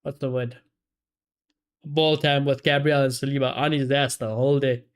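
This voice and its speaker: A man, casually commentating a football match for his live chat and reacting loudly to chances. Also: medium pitch, level tone, moderate pace, smooth. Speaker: streamer hosting a football watchalong.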